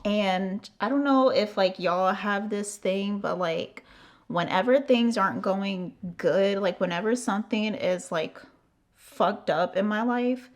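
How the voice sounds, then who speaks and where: Speaking slowly at a medium pitch, a young vlogger from the United States shares a laid-back storytime on her channel. Her delivery is animated and full of swearing, with acted-out quotes from the other person and constant "like" fillers.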